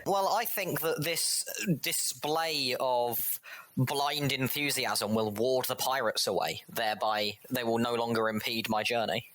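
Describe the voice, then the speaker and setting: A man taking part as a player in a tabletop game, talking casually with halting restarts. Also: medium pitch, a bit bright. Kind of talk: casual chat.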